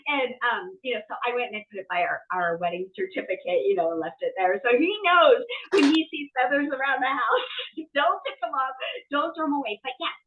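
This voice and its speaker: A bubbly woman with a high voice talks at length, full of "you know" and quick excited gasps. She sounds tinny, like she is on a phone line. She is also far from the mic in an echoey room. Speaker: guest medium. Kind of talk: casual podcast chat. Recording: tinny phone-like, roomy and distant.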